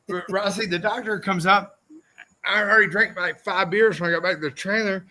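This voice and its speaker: A man who raced motorcycles, telling loud and profane stories as a podcast guest, often slipping into mock quotes of other people. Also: high-pitched, steady tone, fairly quick. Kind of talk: unfiltered storytelling, heavy swearing. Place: podcast studio.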